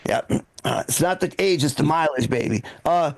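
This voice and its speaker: A man's voice: fairly high pitch, normal speed, gravelly. A man in his sixties doing a live stand-up set as emcee at a comedy club, rambling and self-mocking with lots of restarts. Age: 60s.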